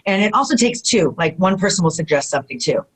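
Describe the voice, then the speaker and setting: Woman telling stories in an interview, animated, lots of "you know", acts out what people said. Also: fairly low pitch, quick pace, husky, poor audio. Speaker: retired pro wrestler guest. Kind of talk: casual interview storytelling.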